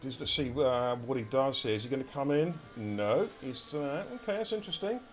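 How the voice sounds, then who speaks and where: A man with an English accent giving lively, chatty live commentary on an esports race and talking to his chat as he goes. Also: mid-range voice, fairly quick, slight background noise. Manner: energetic, chatty, addresses chat directly.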